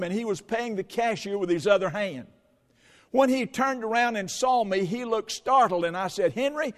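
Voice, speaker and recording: A man's voice: sits high, in a large hall. A male pastor preaching a sermon, telling stories with quoted dialogue before moving into scripture.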